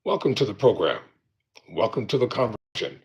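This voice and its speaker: Deliberate-sounding man hosting his show. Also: lowish voice, sing-song, gravelly, darkish tone, dull audio. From United States. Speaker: show host. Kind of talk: monologue commentary.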